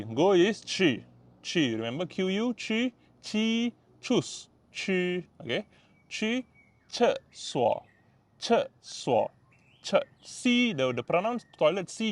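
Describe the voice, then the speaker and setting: Patient Malaysian man teaching slowly. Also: a little high. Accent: Malaysian English. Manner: patient, repeats words slowly, tags sentences with "lah" and "ah". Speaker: language tutor. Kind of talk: casual vlog lesson.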